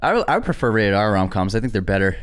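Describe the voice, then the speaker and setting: A man's voice: fairly low pitch, sing-song, fast talker, clean tone. A young adult man co-hosting a podcast, chatting casually, joking and laughing easily. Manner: chatty, laughs often, jokey interjections. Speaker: podcast co-host. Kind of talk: casual chat.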